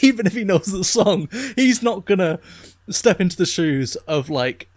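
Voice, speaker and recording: A podcast co-host with a high, expressive, slightly mellow male voice chats casually at a moderate pace, laughing often and dropping "like" constantly. His loose, filler-heavy talk is recorded with no room sound.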